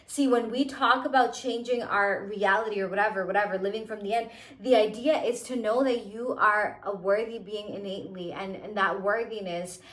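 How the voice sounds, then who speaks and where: A woman's voice: on the high side, fairly bright tone. Earnest young woman in an echoey room. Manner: earnest and emphatic, heavy use of "like" and "you know". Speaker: manifestation coach. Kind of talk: casual motivational monologue.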